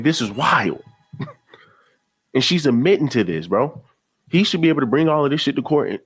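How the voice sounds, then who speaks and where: A man's voice: mid-range voice, breathy edge. A man streaming a casual reaction commentary, exasperated and repeating himself as he talks to his viewers.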